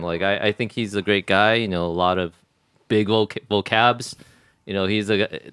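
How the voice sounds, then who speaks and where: Male guest, low, smooth voice, animated, stumbling. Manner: hesitant, friendly, repeats words. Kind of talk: casual chat. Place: podcast studio.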